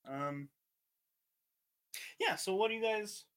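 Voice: mid-range voice, expressive, slow pace, a bit bright. A podcast host opening a live show with laid-back, rambling, jokey casual chat.

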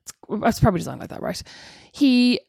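A woman's voice: fairly high pitch, sing-song, fairly quick, vocal fry, darkish tone, breathy edge, no echo, studio quality. A woman co-hosting a podcast, chatty and a little bossy as she runs through a film review. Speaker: podcast co-host. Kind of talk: casual chat reviewing a film.

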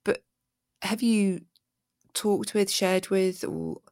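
A woman podcast host asking reflective questions in a thoughtful, measured, gently probing way. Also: mid-range voice, level tone, no room sound, studio quality.

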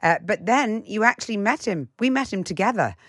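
A woman hosting a casual interview, friendly and quick to laugh. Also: medium pitch, animated, dry recording, clean studio sound. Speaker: interviewer host.

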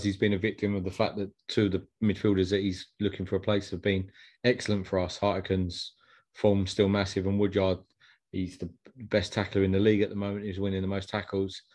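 A man hosting a fan podcast, brisk in casual football chat and steering the talk along. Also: lowish voice, level tone, a little mellow. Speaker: podcast host.

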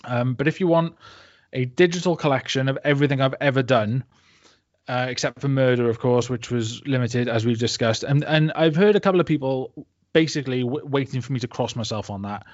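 A man's voice: medium pitch, fairly quick. A man speaking as a guest in a casual interview, rambling with lots of fillers and swearing freely. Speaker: interview guest, comics creator. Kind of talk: casual podcast chat. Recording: dull lo-fi, dry.

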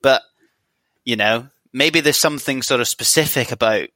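Edinburgh male co-host, hedging and self-mocking, bright voice, dry sound. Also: medium pitch, normal speed, no room sound. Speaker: podcast co-host. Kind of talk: casual podcast chat.

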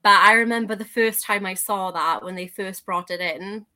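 A woman's voice: medium pitch, normal speed, bright, forceful tone. A woman from Wales, a guest on an interview podcast, chatting in an upbeat, enthusiastic way. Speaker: guest collector. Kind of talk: casual interview chat.

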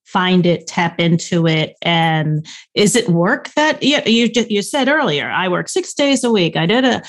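Low-voiced, unhurried woman interviewer. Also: sing-song. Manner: affirming, musing, with repeated restarts. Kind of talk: interview conversation.

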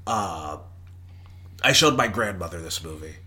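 A young man co-hosting a casual podcast, talking in a playful, jokey, animated way. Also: sits low, a little slow. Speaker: podcast co-host. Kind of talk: casual chat.

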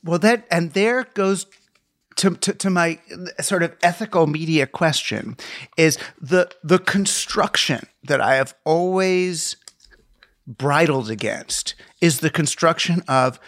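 Animated man hosting a podcast conversation. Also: a little high, takes it slowly. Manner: animated, thinks aloud with repeated restarts. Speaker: podcast host. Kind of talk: casual conversation.

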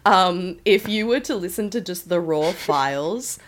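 A woman co-hosting a casual podcast, very loud and excitable, breaking into shrieking laughter and swearing freely. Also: lowish voice, measured pace. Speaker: podcast co-host. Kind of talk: casual chat.

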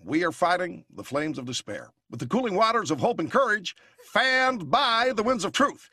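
A man doing a slow, lofty American statesman. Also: high voice, very animated, pushed and bright, dry recording, clean studio sound, full character voice. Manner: slow, stately speech cadence. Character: measured, lofty male American statesman orator.

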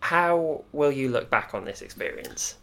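A woman's voice: rumbling low, lively intonation, unhurried, vocal fry. A woman interviewing a stage actress, asking short questions. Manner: brief questions.

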